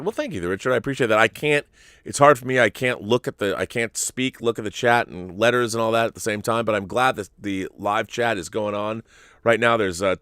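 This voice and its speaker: A middle-aged man hosting a live stream, reading viewer messages and answering them in a halting, rambling way. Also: fairly low pitch, a bit bright, dry recording, clean studio sound. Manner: rambling, halting, restarts often. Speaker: host.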